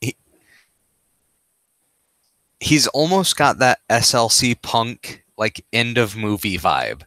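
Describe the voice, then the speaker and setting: Slow-talking bright-voiced man at the table. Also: mid-range voice, sing-song, no room sound. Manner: slow, laid-back, swears casually. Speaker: player. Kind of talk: casual tabletop role-play.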